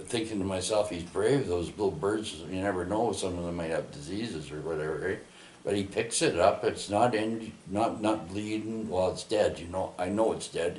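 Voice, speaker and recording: This storyteller's testimony meanders, full of restarts and tag questions such as "eh" and "right." His voice sits low with a darkish tone, and the echoey room carries slight background noise.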